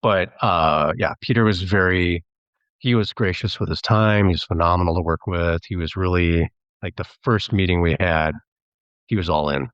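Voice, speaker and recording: A man's voice: low voice, normal speed, a bit bright, smooth, no room sound, muffled recording. A man, a filmmaker and actor, talking as a podcast guest in a chatty, rambling way and mimicking voices when he quotes people. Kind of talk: casual podcast interview.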